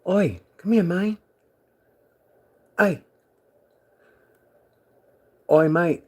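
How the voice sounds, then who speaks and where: A man's voice: high voice, drawn-out words, pitched above the performer's own voice, heavily acted. A man putting on a coaxing British bloke. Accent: put-on British. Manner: coaxing, slangy, repeats "oi, mate".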